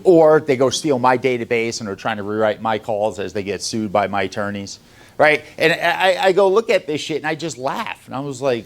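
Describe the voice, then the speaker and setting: An animated man at a moderate pace gives his sales company staff a blunt, profane lecture meant to motivate them. His volume swings between loud and low.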